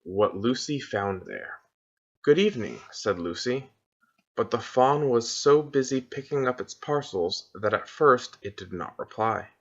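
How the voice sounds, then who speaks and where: A man narrating a children's storybook aloud in a calm, measured reading voice, on a dull lo-fi recording. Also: mid-range voice. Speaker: audiobook reader.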